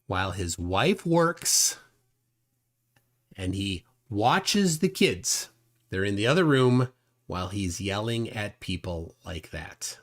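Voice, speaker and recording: Slow, halting man hosting a livestream. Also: on the low side, big pitch swings, fairly bright tone. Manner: unhurried, halting with many fillers. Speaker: livestream host. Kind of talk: casual live-stream commentary.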